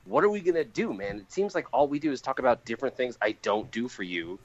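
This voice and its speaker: Animated man in casual comics chat. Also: mid-range voice, fast, muffled recording, slight background noise. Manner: animated, laughs often, acts out quotes. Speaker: podcast co-host.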